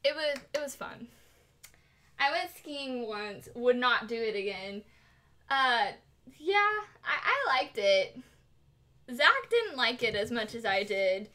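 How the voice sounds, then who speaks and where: Young female streamer, high and bright, chatty and giggly, loose "like"-filled storytelling. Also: takes it slowly. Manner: animated, giggly, lots of "like". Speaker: cosplay streamer. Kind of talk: casual storytelling while crafting on stream.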